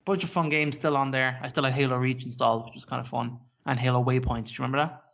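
A man's voice: medium pitch, steady tone, fast, creaky, a bit bright. A man on a dull lo-fi podcast line. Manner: rambling, swears casually. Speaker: podcast co-host. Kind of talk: casual chat.

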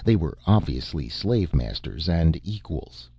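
A man narrating a novel as an audiobook, in a measured storytelling manner. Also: a bass voice, big pitch swings, vocal fry, warm tone, breathy edge, no echo, dull audio. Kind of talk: scripted narration.

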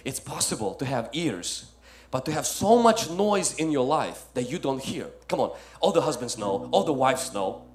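A male pastor preaching a sermon, swinging from loud emphatic lines to soft ones and calling listeners "my friend". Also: medium pitch, very animated, normal speed.

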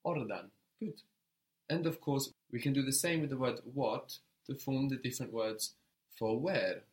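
A man's voice: medium pitch, normal speed. A man teaching a language lesson, patiently prompting a student and repeating her answers.

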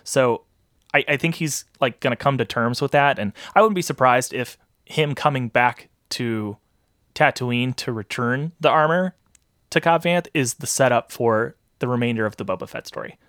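A man's voice: medium pitch, moderate pace, a bit bright, no echo, studio quality. A man hosting a casual podcast chat, explaining steadily and thoughtfully with hesitant restarts. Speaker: podcast host.

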